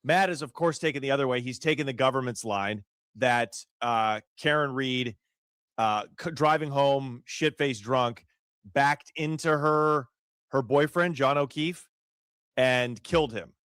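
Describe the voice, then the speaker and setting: A man's voice: medium pitch, a little slow, fairly bright tone, clean tone, no room sound, studio quality. A man co-hosting a comedic podcast, ranting in an exaggerated, mocking way. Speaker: podcast co-host.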